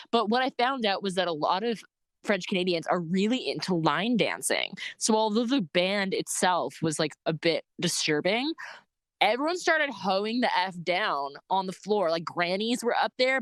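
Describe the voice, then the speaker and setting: A young woman casually telling a story about her bike trip, animated, laughing often and filling her talk with "like". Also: medium pitch, no room sound.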